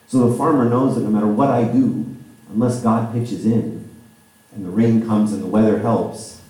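Deep voiced guy preaching, chatty sermon, kinda far off the mic. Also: brisk, mellow, very echoey. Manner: conversational, with frequent "right?" asides.

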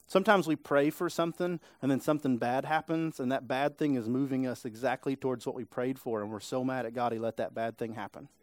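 A man's voice: medium pitch, fairly even intonation, brisk, few pauses, dry recording. A male pastor preaching a sermon in a casual, conversational way, often checking in with his listeners. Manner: casual, conversational preaching with frequent tag questions. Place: church sanctuary.

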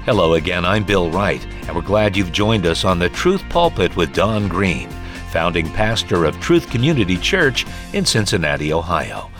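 A man announcing a radio program in a smooth, scripted delivery. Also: sits low, big pitch swings, moderate pace. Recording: voice over background music.

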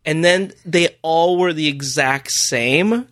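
A man's voice: fairly high pitch, slow, a bit bright. A man co-hosting a movie podcast who rambles and sounds incredulous, full of filler words. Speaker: podcast co-host. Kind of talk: casual movie review chat.

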